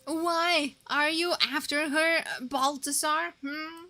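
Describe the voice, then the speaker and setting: Bright, giggly young woman streamer. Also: high-pitched, fairly even intonation, takes it slowly, faint music behind. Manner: giggly and playful, reacting to chat. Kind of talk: casual live-stream commentary.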